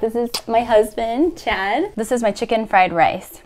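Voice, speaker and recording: A woman with a slightly hoarse voice from a cold, chatting casually and giggling as she shares a recipe in her home kitchen. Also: a little high, moderate pace, hardly any pauses, a little mellow. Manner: bubbly and giggly. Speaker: cooking vlogger. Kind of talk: casual cooking video chat.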